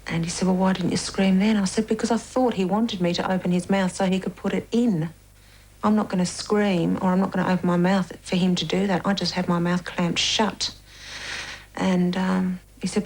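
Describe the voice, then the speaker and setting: A woman giving documentary interview testimony, recounting quietly and sometimes dropping almost to a whisper. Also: fairly low pitch, level tone, normal speed, rough recording. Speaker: interviewee recounting police questioning.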